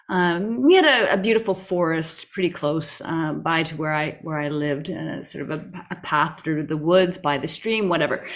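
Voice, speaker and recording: A woman who is a podcast guest, telling a personal story in an expressive way, with frequent restarts and self-corrections. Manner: expressive, with sudden rises in pitch when recounting stress.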